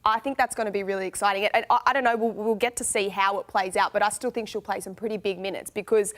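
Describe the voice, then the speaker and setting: A woman's voice: mid-range voice, fairly even intonation, fast. A woman giving chatty, enthusiastic rugby analysis. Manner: enthusiastic, chatty, filler-heavy. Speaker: rugby pundit. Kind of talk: sports commentary.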